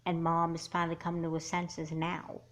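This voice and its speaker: A woman voicing an angry, hurt teenage girl in a doll movie, talking in a halting, sighing way. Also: on the low side, monotone, a bit bright. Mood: resentful.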